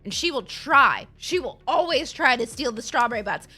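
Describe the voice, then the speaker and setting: A woman's voice: sits high, expressive, moderate pace, pushed and bright, breathy edge, faint music behind. A young woman streamer from Minnesota with a slight Minnesota accent, chatting casually with viewers in a rambling, giggly way.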